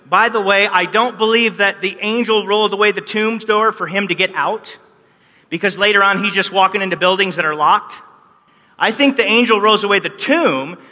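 A man's voice: sits high, pushed and bright. A man preaching a sermon, telling the story with animation and acting out the quoted lines. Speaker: pastor. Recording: long hall reverb.

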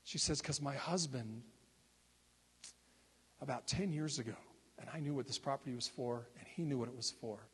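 A minister sharing testimony stories in a relaxed, conversational way, acting out the people he quotes. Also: medium pitch, moderate pace, pauses often, slightly rough, in a large hall. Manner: conversational, acts out quoted speakers. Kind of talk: sermon testimony storytelling.

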